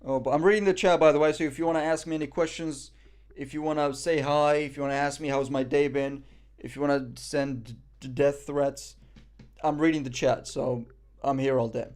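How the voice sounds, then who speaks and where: Young Moroccan streamer, man, slightly high voice, loose self-deprecating banter. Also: steady tone, moderate pace, darkish tone. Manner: joking, self-mocking banter. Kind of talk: casual live-stream chat.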